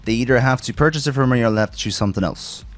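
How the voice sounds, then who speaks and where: Male podcast host, mid pitch, loose rambling delivery with frequent laughs, casual swearing. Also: rapid-fire. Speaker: streamer host.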